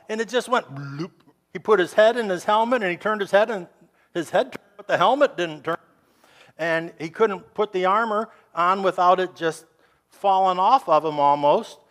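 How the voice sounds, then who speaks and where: A male pastor chatting with children and acting out a story with friendly, animated voices. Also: high voice.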